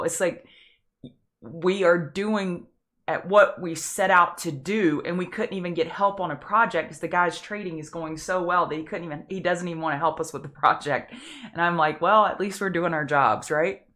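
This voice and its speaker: A woman's voice: fairly low pitch, steady tone, fairly bright tone. A woman hosting a live stock market prep show, chatty and easily emotional as she walks through charts. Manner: chatty, emotional, quick to tear up. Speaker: market analyst host. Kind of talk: live trading show commentary.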